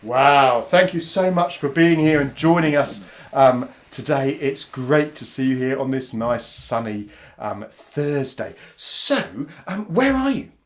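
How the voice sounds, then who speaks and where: A man's voice: medium pitch, sing-song, unhurried. A British man facilitating a live online drumming workshop for families over a video call, upbeat and encouraging. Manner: upbeat, encouraging, counts in loudly.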